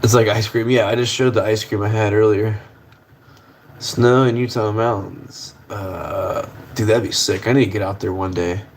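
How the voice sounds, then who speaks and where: Young man with a lowish voice, laid-back livestream host rambling from his kitchen stove, casual swearing, faint background hum. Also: steady tone, normal speed.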